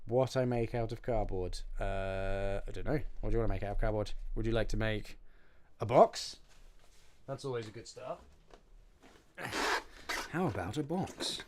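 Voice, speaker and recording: A man's voice: on the low side, fairly even intonation, a little fast, hardly any pauses, darkish tone, clean tone. Chatty man crafting on stream. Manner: chatty, self-mocking, reads chat aloud and answers. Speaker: streamer building props. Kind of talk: casual live-stream chat while crafting.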